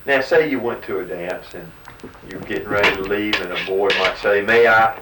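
Male interviewer, low voice, halting and prompting, recorded from off-mic in a roomy space. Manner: halting, many fillers and restarts while coaxing answers. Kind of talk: fieldwork interview questions. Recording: roomy, distant mic with faint noise.

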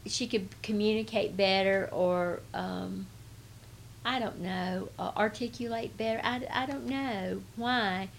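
A woman's voice: mid-range voice, takes it slowly, creaky, a little hiss or hum. A woman from Atlanta with a Southern accent, answering interview questions in a rambling, hesitant way. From Atlanta, Georgia. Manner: rambling, hesitant, many restarts. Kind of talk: casual oral-history interview.

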